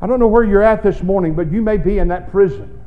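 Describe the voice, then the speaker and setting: A preacher with a strikingly high voice delivers a dramatic sermon. He rises to loud, ringing shouts, then drops to quiet, intimate asides to the congregation. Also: fast talker, narrow, tinny audio. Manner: dramatic preaching, swinging between booming shouts and low hushed asides.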